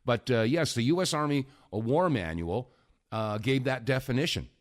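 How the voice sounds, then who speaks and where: A middle-aged man hosting a call-in radio show, relaxed and unhurried, trailing off as he searches for things. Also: medium pitch. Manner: unhurried, trails off while searching his computer. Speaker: radio talk show host.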